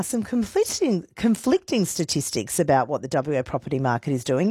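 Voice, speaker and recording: An Australian woman hosts a radio show in a relaxed, joking way and sounds a little tired. Her voice sits on the lower side. The recording is dry and close, with no room sound. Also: slightly rough, no room sound. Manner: chatty, playful, self-deprecating. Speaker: radio host. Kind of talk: casual radio chat.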